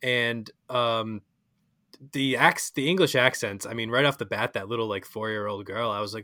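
A man's voice: medium pitch, moderate pace, sharp tone, dry recording, clean studio sound. A man with an American accent co-hosting a podcast, chatting casually and easily, now and then reading definitions aloud. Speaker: podcast co-host. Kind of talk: casual chat.

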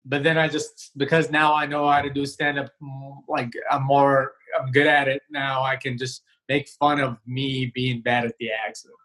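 A male comedian talking casually in an interview over a video call, relaxed and rambling with many fillers and restarts. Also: medium pitch, normal speed, few pauses, poor audio. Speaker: comedian guest. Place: home, remote video call.

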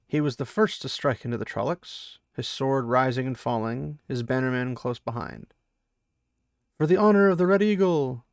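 Man, gravelly voice, dry close sound, mid-pitched, fantasy book reading with chatty asides. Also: dry recording. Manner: reads the battle with rising intensity, then chats excitedly with fans. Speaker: book reader and commentator. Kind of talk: dramatic reading mixed with casual commentary.

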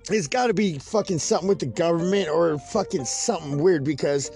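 High-pitched guy from the central valley, cussing nonstop, rambling story, keeps cracking himself up, faint music behind. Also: a little fast, a little mellow. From California Central Valley. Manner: rambling, heavy swearing, laughs through his story. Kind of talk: casual profane storytelling monologue.

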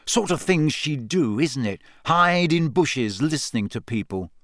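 A man's voice: a little high, animated, unhurried, fairly bright tone, no room sound, studio quality. A man reading aloud and voicing an angry, hot-tempered teenage boy wizard who speaks in a heated, raised voice. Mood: bitter.

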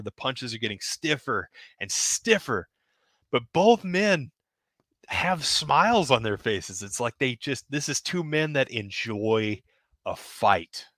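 A man hosting a podcast, narrating wrestling action in excited, casual play-by-play. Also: mid-range voice, no room sound. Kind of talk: play-by-play storytelling.

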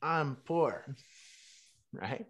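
A man, telling a casual, animated story as a musician and coach, laughing and swearing freely as he goes. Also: fairly high pitch, extremely slow. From Canada.

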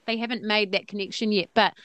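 A woman's voice: medium pitch, steady tone, fast, crowd noise. A woman in a casual podcast chat who speaks in a reassuring, reflective way.

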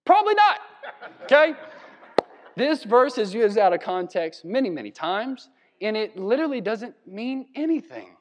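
A man from Virginia preaching a sermon in a conversational, animated way, with laughs and asides. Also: high voice, moderate pace, long reverb tail. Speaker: pastor. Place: church hall.

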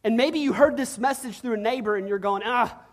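A pastor preaching a sermon in an animated, humorous storytelling way, acting out little voices along the way. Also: mid-range voice, quick pace.

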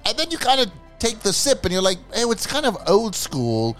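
A man's voice: high-pitched, moderate pace, faint music behind. A man co-hosting a podcast in casual chat, talking loosely and swearing now and then. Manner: loose, swearing, lively delivery. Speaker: podcast co-host.

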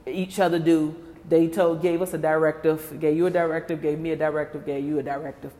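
A woman's voice: deep voice, level tone, a little fast, warm tone, in a large hall. A woman talking straight to her viewers in a casual, comedic rant, firing off rhetorical questions and laughing often. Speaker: vlogger.

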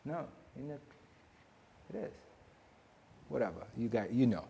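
A man preaching a sermon, emphatic, swinging between loud declarations and hushed asides. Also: medium pitch, sing-song, slow, creaky, pauses often, slightly rough, muffled recording. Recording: long hall reverb.

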